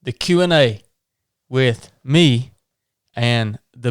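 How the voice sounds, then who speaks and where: A man's voice: mid-range voice, takes it slowly, clear, resonant tone, no echo. A man hosting a podcast in casual chat, playful and mock-apologetic, talking into a studio microphone. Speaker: podcast host.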